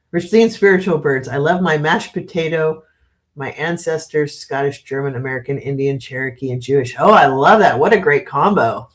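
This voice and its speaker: A woman's voice: sits low, moderate pace. A woman hosting a casual live stream, chatting, reading out viewer comments, laughing often and giving frank opinions on the news. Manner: frank and opinionated on current events.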